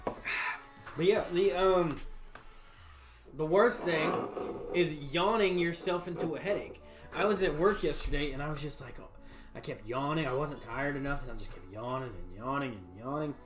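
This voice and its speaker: A man's voice: a little high, normal speed, music in the background. A man, casually chatting to viewers on a livestream from his home bar room, rambling and folksy with lots of fillers. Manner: rambling, laid-back, folksy, frequent fillers. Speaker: livestream host. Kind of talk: casual chat to a live stream. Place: home bar room with sound foam on the walls.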